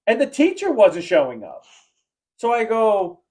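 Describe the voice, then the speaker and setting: Rambling through anecdotes from his school days, a male podcast host imitates the people in the story and bursts out laughing at his own jokes. His high voice swoops wildly in pitch, a little mellow and slightly rough, at a measured pace.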